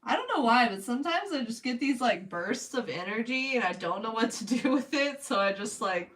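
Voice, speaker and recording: A young woman with a Californian accent chats casually to her stream while painting. Her voice sits a little high and sounds slightly distant from the microphone. She laughs often and speaks straight to her viewers. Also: animated, a little fast, a bit bright. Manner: chatty, laughs often, talks to chat. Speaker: art streamer.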